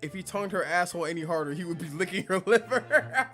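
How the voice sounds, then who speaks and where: A male streamer, loudly trash-talking his way through a game on stream. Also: high-pitched, fast talker, faint music behind. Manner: loud, profane, animated trash talk. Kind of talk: casual gaming commentary.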